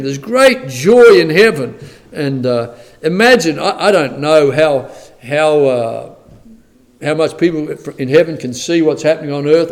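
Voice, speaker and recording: A man preaching a conversational sermon, plain-spoken, who asks the listeners rhetorical questions and reads scripture in old-fashioned wording. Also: a little high.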